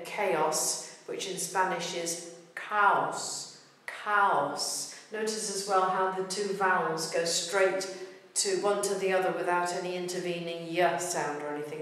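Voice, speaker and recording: A woman's voice: fairly low pitch, little pitch movement, moderate pace, distant mic. Patient woman teaching at a whiteboard, echoey. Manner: patient, explains step by step with spoken examples. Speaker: Spanish pronunciation teacher. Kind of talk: whiteboard lesson. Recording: echoey room, voice from off-mic.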